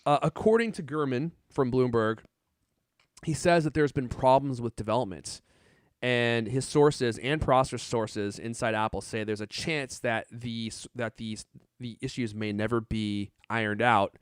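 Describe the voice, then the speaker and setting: A man's voice: medium pitch, a little slow, clear, resonant tone, no echo, clean studio sound. A man co-hosting a tech podcast in casual chat, joking and rambling, laughing often. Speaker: podcast co-host.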